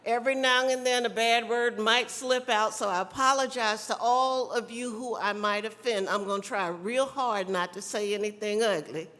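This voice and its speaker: A South Carolina woman with a Southern accent gives a folksy, teasing convention speech in a large hall, chatty and calling out to the crowd. Her slightly high, a bit bright voice keeps a moderate pace with few pauses, and long hall reverb trails each line.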